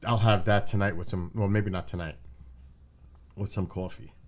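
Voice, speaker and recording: Guy with a lowish voice hosting a stream, chatty and jokey. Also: steady tone, normal speed. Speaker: stream host. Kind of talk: casual chat on a live stream.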